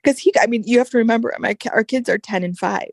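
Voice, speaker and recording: A woman guest telling a personal story in casual conversation, animated and full of "like" and "right?" fillers. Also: fairly high pitch, quick pace, gravelly, no echo, studio quality. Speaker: podcast guest.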